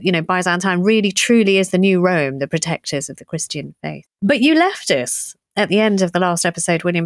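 A middle-aged woman co-hosting a history podcast, retelling events in an animated, emphatic way. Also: lowish voice, no room sound. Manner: animated, emphatic storytelling with rhetorical recaps. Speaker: podcast co-host.

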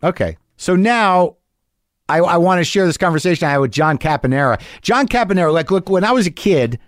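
A man hosting a podcast, chatting casually and rambling in self-deprecating, animated asides. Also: sits high, a little fast, no echo, clean studio sound. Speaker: podcast host. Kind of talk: casual podcast chat and monologue.

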